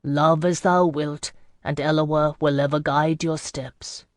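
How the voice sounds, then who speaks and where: A woman voicing a gentle older male temple priest in an audiobook, speaking slowly and solemnly. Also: deep voice, steady tone, dry recording, studio quality. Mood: blessing.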